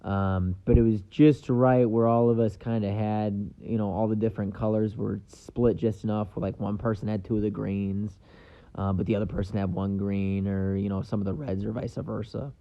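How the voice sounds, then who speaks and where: A young man with a fairly low voice talks through his solo podcast in loose, wandering chat, swearing without care and filling every gap with ums. The sound is dull and a little lo-fi. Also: flat delivery, normal speed. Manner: casual, swears, lots of ums. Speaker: podcast host.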